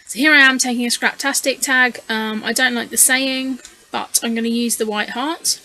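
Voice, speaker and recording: A woman with a crisp, bright tone that sits a touch high talks a viewer through her scrapbooking in a loose, hesitant voice-over. She sounds a little tired and yawny, and she fills her pauses with frequent ums as she thinks aloud. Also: fairly even intonation, slight background noise, low-quality recording. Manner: rambling, hesitant, with frequent fillers. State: tired, yawning. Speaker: scrapbooking channel host. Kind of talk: casual voice-over narration of a craft video.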